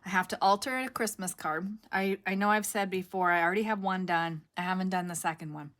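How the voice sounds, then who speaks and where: A woman's voice: fairly low pitch, steady tone, fairly quick, a bit bright. A middle-aged woman hosting a craft channel, chatting casually to camera in a rambling, self-correcting way with a cough drop in her mouth.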